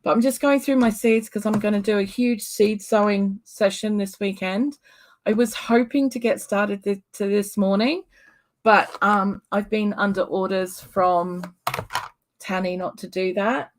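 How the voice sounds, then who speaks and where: A woman talks at an unhurried, slow pace on a casual livestream, rambling comfortably and answering viewer comments as she goes. Her pitch sits in an ordinary middle range, and her talk is filled with frequent ums. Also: steady tone. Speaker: livestream host chatting with viewers. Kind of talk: casual live-stream chat.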